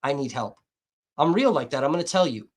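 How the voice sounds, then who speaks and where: A man's voice: on the high side, lively intonation, brisk. A man hosting a livestream, ranting bluntly and abrasively with heavy swearing. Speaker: livestream host. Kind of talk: heated livestream rant.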